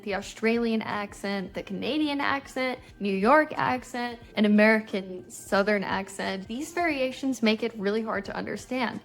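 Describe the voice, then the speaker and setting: A young woman, a native speaker, gives an English lesson for learners. She talks in an upbeat, encouraging tone and explains each tip clearly, in the manner of a friendly online teacher. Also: mid-range voice. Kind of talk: YouTube language lesson.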